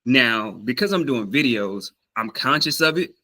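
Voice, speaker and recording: The audio is poor as a man from the Southern United States, medium in pitch and unhurried, vlogs casually about picking up a language. He narrates a story animatedly, stumbling through fillers and restarts while performing the voices he quotes.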